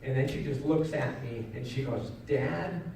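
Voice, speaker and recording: A middle-aged man giving a motivational keynote, telling a personal story in an earnest way that moves from loud to hushed. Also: medium pitch, normal speed, slight background noise. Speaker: keynote speaker. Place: large event hall. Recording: echoey hall, mic at a distance.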